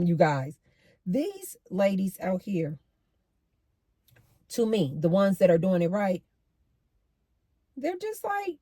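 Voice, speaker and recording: Husky-voiced woman telling a juicy story. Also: medium pitch, takes it slowly, pauses often, no room sound. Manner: animated, emphatic, repeats lines for effect. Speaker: host. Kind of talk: casual storytelling commentary.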